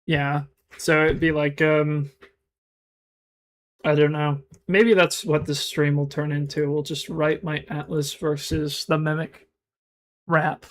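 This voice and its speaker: A male streamer talking to his chat in a loose, halting ramble, often restarting his sentences. His voice sits a little high for a man. By his own account his delivery is monotone and his words are not crisply enunciated. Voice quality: mumbled, self-described monotone. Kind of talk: casual live-stream chat.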